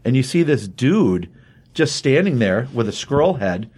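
A man in casual podcast chat, recapping a comic book with lively energy. He keeps slipping into quick put-on voices for the characters, pushing his pitch up for each quoted line. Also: slightly rough. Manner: acts out characters' lines with raised pitch.

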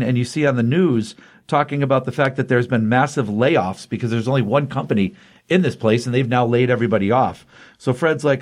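A man's voice: mid-range voice, normal speed. A man casually recapping a comic book issue, chatty and rambling, often acting out the characters' lines. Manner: chatty, rambling, acts out quotes.

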